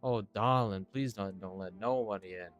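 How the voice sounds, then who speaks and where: A man voicing a loud, folksy old mama with a slow drawl. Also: highs cut off, soft background music, lightly acted. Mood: scornful. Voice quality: drawling, booming.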